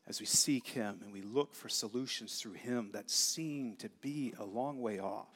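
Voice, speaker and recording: A man's voice: fairly low pitch, a little slow, hardly any pauses. Earnest man preaching in a reverberant hall. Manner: conversational, earnest, animated asides. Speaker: pastor. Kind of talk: sermon. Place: church sanctuary.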